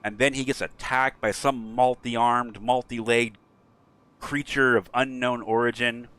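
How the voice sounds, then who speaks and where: A man's voice: medium pitch, measured pace, clean tone. A man streaming a game who rambles through a story in a casual way, with lots of fillers. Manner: rambling, frequent fillers, animated.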